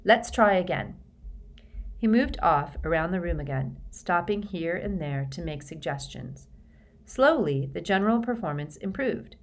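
Brief: woman audiobook narrator, slightly low voice, steady measured storytelling. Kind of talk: scripted narration.

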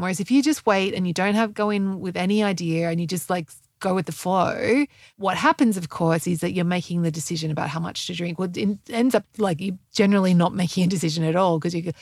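Chatty middle-aged woman doing her podcast, bit of vocal fry, lots of "like", dry close sound. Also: lowish voice, a little mellow, dry recording. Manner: chatty, rambling, many "like" fillers and self-corrections. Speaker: podcast host and health coach. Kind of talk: casual podcast chat.

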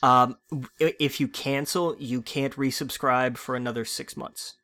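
A man's voice: medium pitch, fairly even intonation, moderate pace, sharp tone. A man in casual conversation, explaining eagerly and stammering as he restarts sentences. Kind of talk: casual chat.

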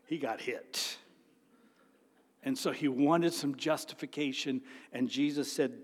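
A man preaching a sermon as pastor, dramatic, swinging from a near-whisper to loud exclaiming. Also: mid-range voice, fairly even intonation, a little slow, in a large hall. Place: church sanctuary.

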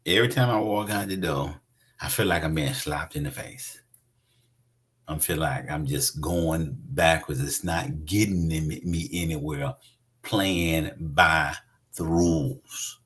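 A man's voice: a bass voice, steady tone, slow pace, a bit bright. A man preaching a conversational sermon, emphatic and repeating his phrases for weight.

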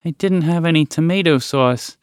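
A man voicing a large, good-natured male moose who speaks in a proud, slow, drawn-out way. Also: fairly high pitch, clean tone, dry recording, studio quality, voice pushed up, natural voice. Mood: sheepish.

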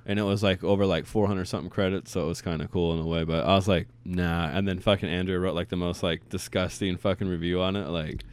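A young man telling a story in casual chat, profane and animated, acting out what people said. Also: sits low, fast, few pauses, clear, resonant tone.

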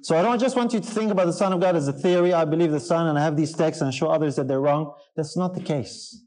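A man's voice: fairly high pitch, quick pace, a little mellow, low-quality recording. A man preaching a sermon to a congregation in an earnest, emphatic way, often putting questions to his listeners.

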